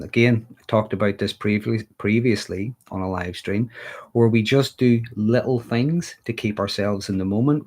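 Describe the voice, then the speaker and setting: A man with a Northern Irish accent and a fairly low voice talks casually to a livestream audience. He keeps a conversational flow and checks in with a quick "okay?" as he goes. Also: darkish tone. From Northern Ireland. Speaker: mental health livestreamer.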